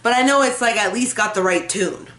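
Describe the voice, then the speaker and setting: A woman chatting casually to her camera, joking and swearing freely, now and then breaking into high belted singing. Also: brisk, fairly bright tone, roomy sound. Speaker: vlogger.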